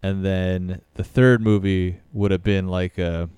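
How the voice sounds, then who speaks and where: A man co-hosts a casual podcast, rambling through his thoughts with filler words and the odd curse. His voice sits a little low and sounds smooth. The mic is close and dry. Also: steady tone, a little slow, mellow, no echo. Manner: loose, rambling, lots of "like" and swearing. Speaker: podcast co-host. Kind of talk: casual chat about movies.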